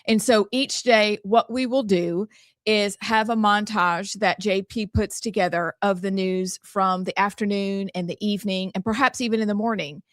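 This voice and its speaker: A woman's voice: medium pitch, steady tone, normal speed, no room sound. A woman, co-hosting a talk show and laying out the schedule in an upbeat way. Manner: upbeat, explains the show's schedule. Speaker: co-host. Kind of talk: casual talk-show chat.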